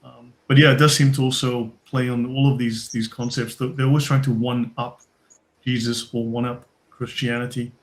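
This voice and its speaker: A man's voice: medium pitch, flat delivery, normal speed. A man hosting a live stream panel discussion, steering the talk and reading out donations. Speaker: host.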